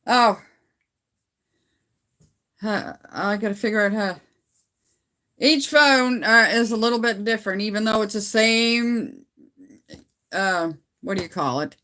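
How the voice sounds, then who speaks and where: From home on her phone, a middle-aged Canadian woman livestreams a casual chat with viewers, rambling and laughing often. Her mid-range voice is bright and forceful, and she takes her time, with long pauses.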